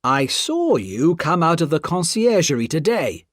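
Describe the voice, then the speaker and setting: A woman voicing a calm, composed gentleman who speaks firmly in a read-aloud story. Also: on the high side, measured pace, no echo, studio quality, pitched above the performer's own voice.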